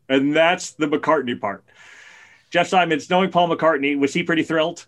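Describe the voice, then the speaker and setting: A man on a podcast, telling a long story in a casual, animated way. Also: a little high, a little slow. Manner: animated storyteller, gets excited and loud at punchlines. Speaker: podcast co-host. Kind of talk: casual chat.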